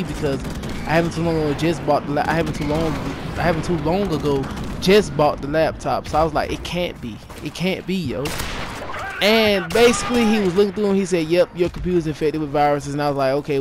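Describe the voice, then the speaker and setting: A man telling a story to his viewers in a casual vlog, animated and rambling, repeating himself and tossing in "yo". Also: fairly high pitch. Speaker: YouTuber. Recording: noisy with game gunfire behind.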